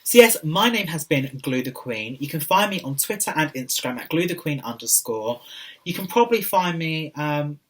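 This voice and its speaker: A man's voice: a little high, lively intonation, normal speed, fairly bright tone, distant mic. A young British man in drag, recapping a TV show in a camp, cheeky, sassy casual vlog. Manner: camp, cheeky, sassy, addresses people directly. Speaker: drag queen reviewer.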